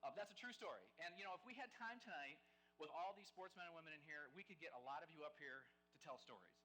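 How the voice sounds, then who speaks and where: A man giving a live storytelling speech as guest speaker at a game dinner, animated and conversational, acting out the lines of the people in his stories. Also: on the high side, fast talker, soft background music, poor audio.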